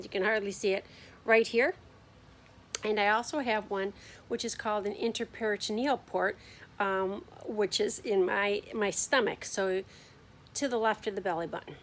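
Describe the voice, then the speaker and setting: A woman's voice: medium pitch, a little hiss or hum. Tired woman talking to camera at home. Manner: frequent ums, yawning, tired and unhurried. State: fatigued from chemotherapy. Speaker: vlogger sharing her chemotherapy journey. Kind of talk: casual personal video diary.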